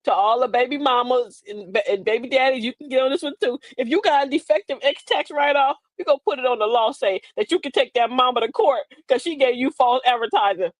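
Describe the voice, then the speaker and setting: A woman's voice: high voice, quick pace, few pauses, no echo. An older woman, hosting a comedic livestream, telling stories with quoted voices and frequent laughter. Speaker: livestream host.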